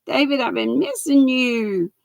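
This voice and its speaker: An older Southern woman with a bright, high voice and a gravelly edge, talking slow and easy as she hosts a livestream. She greets each of her viewers by name in a chatty, folksy way. The sound is close and dry. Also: sing-song, no echo, rough recording. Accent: Southern American. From Southern United States. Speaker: livestream host. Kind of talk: casual chat with viewers.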